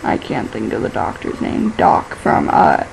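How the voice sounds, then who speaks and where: Teen girl vlogging, kinda creaky voice, says like a million times, scattered and giggly. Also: very deep voice, sing-song, slight background noise, poor audio. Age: teens. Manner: chatty and scattered, fills every pause with "like", laughs easily. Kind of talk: rambling casual vlog.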